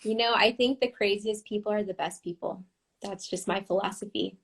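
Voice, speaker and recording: A woman guest on a podcast, speaking in a calm, easygoing way in casual chat. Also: mid-range voice, normal speed, vocal fry, slightly rough. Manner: calm, easygoing, laughs along.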